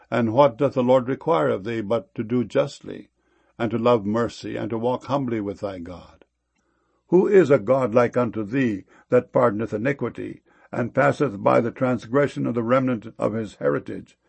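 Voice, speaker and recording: Gravelly, husky man reading scripture. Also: mid-range voice, darkish tone. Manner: solemn, measured reading.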